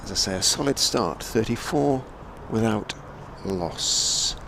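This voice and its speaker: A man giving relaxed ball-by-ball cricket commentary from a rooftop commentary position, rising with excitement on the big shots. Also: on the low side, vocal fry, background noise. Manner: measured, chatty, lifts to excited calls on big shots. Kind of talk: radio-style ball-by-ball commentary. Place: commentary position on a stadium hotel roof.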